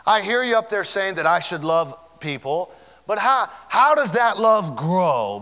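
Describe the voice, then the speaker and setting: A man's voice: high-pitched, sing-song, unhurried, sharp tone, in a large hall. A man preaching a sermon as pastor, fervent and building in volume as he speaks.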